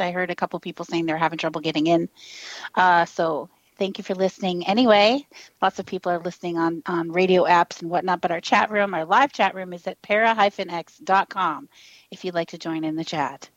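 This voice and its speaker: A woman's voice: fairly low pitch, no room sound, dull audio. Bubbly woman radio talk show host. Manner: bubbly, laughs often.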